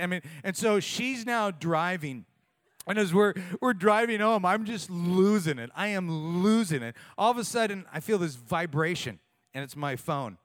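A middle-aged man preaching a sermon, telling personal stories in an animated, self-mocking way. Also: sits high, normal speed. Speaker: pastor.

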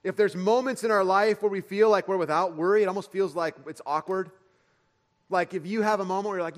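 Pastor guy giving a sermon, kinda high voice, chatty and jokey, long echo like a big church hall. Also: a little fast. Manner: conversational, joking, acts out everyday voices.

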